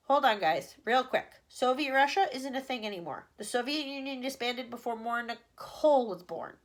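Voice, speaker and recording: A woman's voice: fairly high pitch, fairly quick, few pauses, fairly bright tone. A woman teacher reading a chapter book aloud to children, breaking off for chatty asides.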